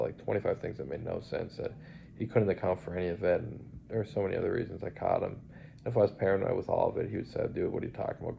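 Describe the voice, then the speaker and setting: A man's voice: sits low, vocal fry, mellow. A man rambling through an agitated personal monologue, swearing now and then. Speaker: vlogger. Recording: lo-fi recording with faint hiss.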